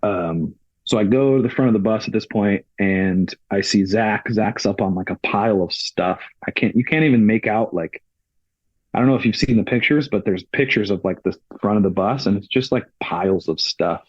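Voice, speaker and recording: A man's voice: fairly low pitch, moderate pace, husky, no room sound, dull audio. A man who works on a touring crew, a podcast guest, telling a story casually and retelling the events through many quoted exchanges.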